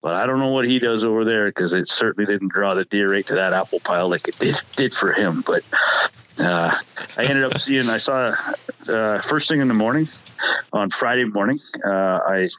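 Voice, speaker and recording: Low-voiced man telling a hunting story. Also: moderate pace, a bit bright, low-quality recording. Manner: rambling, self-correcting storyteller. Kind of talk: casual storytelling chat.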